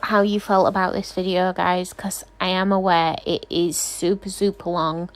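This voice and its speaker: A woman's voice: on the low side, flat delivery, moderate pace, hardly any pauses. A woman nail technician doing a casual, rambling tutorial voice-over, chatty and self-deprecating, often apologizing.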